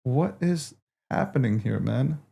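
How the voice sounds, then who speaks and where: A man's voice: mid-range voice, lively intonation, unhurried, vocal fry, dark tone. Swearing, exasperated male livestream host. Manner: exasperated, swearing, repeats himself. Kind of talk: casual livestream monologue.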